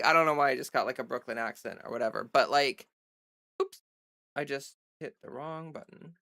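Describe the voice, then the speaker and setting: A woman talking off the cuff on a home livestream, her voice bright and forward. She rambles through fillers and restarts and stays blunt and defiant, swearing freely. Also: deep voice, animated, fairly quick. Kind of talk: casual livestream chat. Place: home streaming setup under bright lights.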